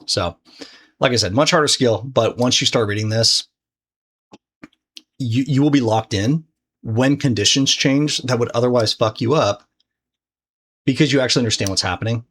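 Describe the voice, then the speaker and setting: Addressing the viewer directly, a male trading course instructor gives a recorded lesson in a relaxed, conversational style, cursing freely and restarting sentences a lot. His medium-pitched voice has a fairly bright tone, normal pace, and many pauses.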